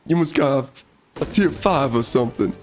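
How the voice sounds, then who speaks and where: A man giving casual gameplay commentary, ranting bluntly in a hoarse voice and dropping mild minced swears. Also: mid-range voice, lively intonation, moderate pace, darkish tone, faint music behind.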